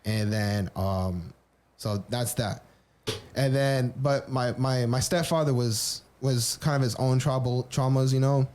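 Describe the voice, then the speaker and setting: A man's voice: medium pitch, a little slow, a little mellow, a little hiss or hum. A man on a podcast candidly telling his personal story, rambling with frequent restarts and casual swearing. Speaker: podcast co-host.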